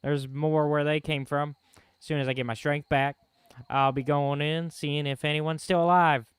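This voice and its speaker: A man voicing a gruff, greedy mercenary dwarf with a Southern US accent and a blunt, folksy drawl. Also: on the high side, little pitch movement, normal speed, no echo, natural voice.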